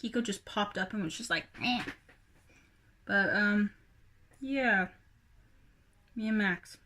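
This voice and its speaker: A woman's voice: mid-range voice, a little slow, pushed and bright, slight background noise. A young woman rambling through a casual personal vlog, hesitant, with many fillers and sighs. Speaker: vlogger.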